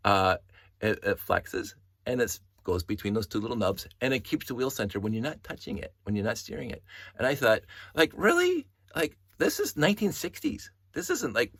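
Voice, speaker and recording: Husky, low-voiced man rambling excitedly. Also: dry recording. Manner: enthusiastic, rambling with many restarts and tangents. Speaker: toy collector showing his collection. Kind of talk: casual show-and-tell vlog.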